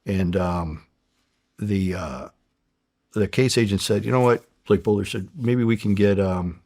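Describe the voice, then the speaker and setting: A man's voice: lowish voice, a little slow, dry recording, clean studio sound. A middle-aged American man, a former undercover agent, telling stories casually in an interview, swearing freely and acting out the dialogue. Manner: profane, animated storyteller acting out dialogue.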